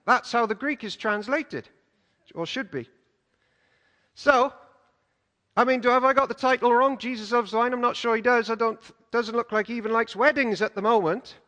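A man preaching a sermon in a church, in an animated, conversational storytelling way. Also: very high-pitched, normal speed. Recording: echoey church hall.

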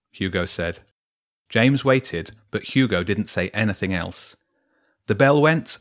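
A man reading a bedtime story aloud to his children, in an expressive read-aloud way. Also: low voice.

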